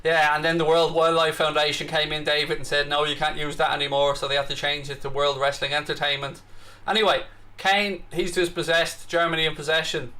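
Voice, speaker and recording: This Irish streamer, whose voice is fairly high pitched and brisk, hosts a live watchalong of a football match. Casual in tone, he reads out viewer comments and keeps breaking into excited reactions.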